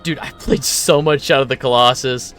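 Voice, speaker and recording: A man giving casual let's play commentary, rambling excitably and swearing casually. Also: mid-range voice, a little fast, soft background music. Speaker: gaming YouTuber.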